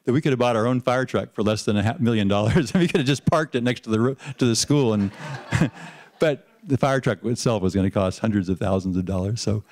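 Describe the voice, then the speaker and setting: A man's voice: fairly low pitch, fast. Older man telling a chuckling anecdote. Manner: lively storyteller who chuckles and restarts often. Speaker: panel speaker recalling his teaching days. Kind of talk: anecdotal storytelling.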